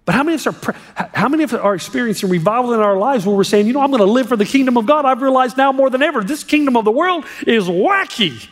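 A man preaching a sermon as a pastor, impassioned, swinging between hushed and emphatic delivery. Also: very high voice, animated, very fast, hardly any pauses. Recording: long reverb of a large hall.

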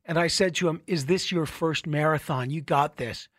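A middle-aged man hosting a radio show, telling stories in a casual, animated way with many restarts. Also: on the high side, moderate pace, dry recording, clean studio sound. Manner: conversational, animated storytelling with restarts. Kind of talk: casual talk radio monologue.

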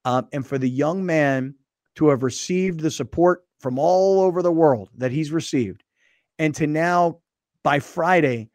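A man with a slightly higher voice hosts a relaxed sports talk show. He tells stories with energy and laughs often. The sound is dry and close to the mic. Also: a little slow, no echo. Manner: animated storyteller, laughs often. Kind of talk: casual sports radio chat.

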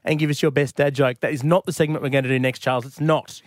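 A man's voice: mid-range voice, steady tone, fast talker, dry recording, clean studio sound. An Australian man hosting a radio comedy show, joking around with mock-serious bravado. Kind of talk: radio banter. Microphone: studio mic.

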